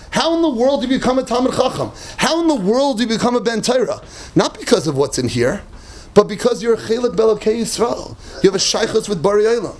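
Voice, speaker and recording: Man, Torah lecture, high-pitched, animated, rising to near-shouts. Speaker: rabbi giving a Torah class.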